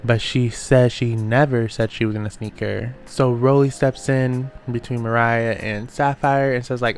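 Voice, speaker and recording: A man hosting a casual reality show recap, talking in a sassy, slangy way with quick asides. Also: mid-range voice, level tone.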